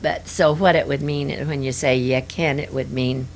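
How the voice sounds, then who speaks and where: A woman's voice: rumbling low, fairly even intonation, moderate pace, slight background noise. An older woman reminiscing in an interview, rambling and hesitant with many fillers.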